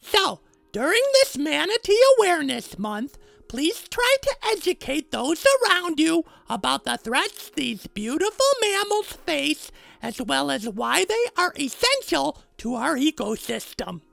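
A man voicing an excitable young boy in a chatty, dramatic way on a children's podcast. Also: measured pace, no room sound, full character voice. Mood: enthusiastic. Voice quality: high squeaky voice with a gravelly edge. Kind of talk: children's podcast puppet role.

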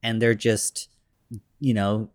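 A man's voice: lowish voice, little pitch movement, slow, no echo. Laid-back man, dry close sound. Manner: laid-back, laughs easily, filler-heavy. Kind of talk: casual film discussion.

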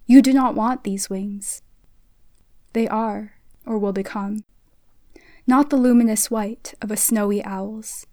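A woman reading a literary short story aloud in a soft, hushed voice that sometimes drops to a whisper. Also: mid-range voice, fairly even intonation, takes it slowly, long pauses, dry recording. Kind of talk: literary reading in second person.

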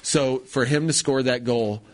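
A man co-hosting a casual talk show, telling stories in a rambling, animated way. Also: medium pitch, measured pace. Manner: animated storyteller, rambling with restarts. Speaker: co-host. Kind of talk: casual chat.

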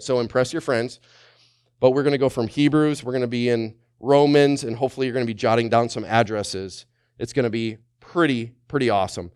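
Pastor preaching with rising fervor. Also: male voice, mid-range voice, no room sound, studio quality. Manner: prays quietly, then preaches with rising, call-and-response intensity. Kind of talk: sermon with congregational prayer.

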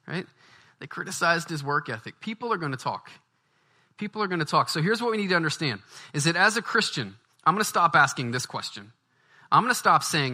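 A man's voice: high voice, animated, moderate pace, pushed and bright. A man from Baton Rouge, preaching a conversational sermon. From Baton Rouge, Louisiana, US. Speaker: pastor.

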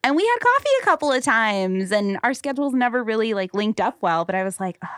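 Woman, 30s, podcast co-host, lively storyteller, dry studio sound. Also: on the high side, fast, smooth, dry recording. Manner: animated storyteller, acts out quoted people. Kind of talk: casual chat, storytelling.

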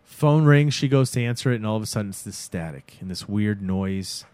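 Excited man recapping a show, dry sound. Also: on the low side, fairly quick, smooth, dry recording. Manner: excited, swears freely, acts out scenes in quoted voices. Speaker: podcast co-host. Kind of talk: casual recap chat.

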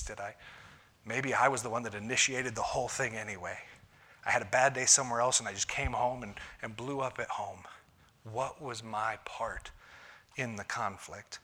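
A man preaching a conversational sermon as a pastor, moving between punchy lines and hushed asides. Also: fairly low pitch. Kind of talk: sermon on marriage.

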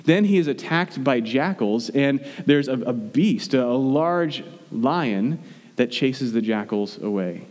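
A man's voice: medium pitch, expressive, slow, darkish tone. A man in his thirties preaching a sermon in a conversational way, often restarting his sentences. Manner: conversational, with frequent restarts and fillers. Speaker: pastor. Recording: long hall reverb.

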